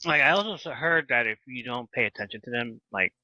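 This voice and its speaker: Podcast host guy, lively and laughy, bright crisp tone, kinda lo-fi. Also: medium pitch, fast talker, no echo. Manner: animated, laughs a lot, chatty with viewers. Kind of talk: casual live podcast chat. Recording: slightly dull lo-fi mic.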